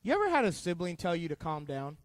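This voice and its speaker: A youth pastor talking to middle schoolers, lively and chatty, acting out the characters and questioning the room. His voice sits high for a man, and the sound is dry and close. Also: quick pace, no echo. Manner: animated, conversational, acts out characters, asks the group questions. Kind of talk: youth group Bible teaching.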